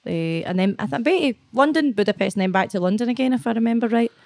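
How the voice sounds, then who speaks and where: A woman's voice: a little high, expressive, rapid-fire, a little mellow, no echo. Young scottish woman in a chatty interview, blunt and sweary, laughs a lot, dry close sound. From Scotland. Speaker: guest. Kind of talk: casual interview chat.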